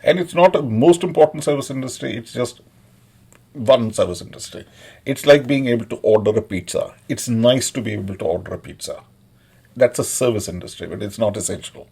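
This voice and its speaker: A man speaking, his voice gravelly and a little husky. He rambles in a sardonic, mocking tone and stops often on fillers as he thinks aloud. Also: mid-range voice, a little mellow. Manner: sardonic, mocking, mimics others in Hindi; halting, many fillers. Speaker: commentator. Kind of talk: casual monologue.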